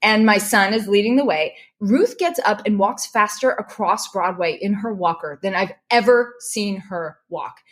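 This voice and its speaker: A woman guest telling a personal story in animated, emotional conversation, often restarting her sentences. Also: medium pitch. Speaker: podcast guest.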